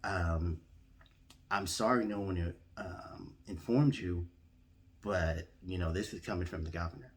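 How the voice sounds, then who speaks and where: A man's voice: low-pitched, steady tone, a little slow, voice pushed down. A man playing a polite, bumbling male office clerk who talks hesitantly and apologetically, full of ums. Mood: apologetic.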